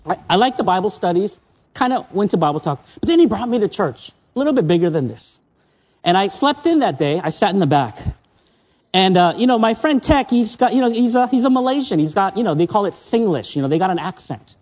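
This is an American man in his fifties preaching from a stage. His voice is fairly high for a man and swings widely in pitch. He tells stories in a chatty way and often stumbles over repeated words. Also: sing-song, brisk, a little mellow. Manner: conversational storytelling, repeats words. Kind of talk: sermon. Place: stage under spotlights.

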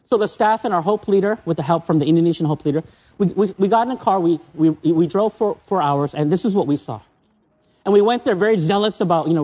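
Husky guy preaching in church, emotional, big swings from loud to soft. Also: quick pace. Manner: emotional, swinging between excited highs and soft low asides. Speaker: visiting preacher. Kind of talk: sermon.

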